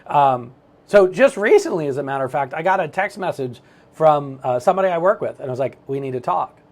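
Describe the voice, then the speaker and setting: Middle-aged male self-help speaker, lively storyteller, a bit higher-pitched than most men. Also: brisk. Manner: animated, storytelling, acts out his own thoughts. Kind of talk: motivational talk to camera.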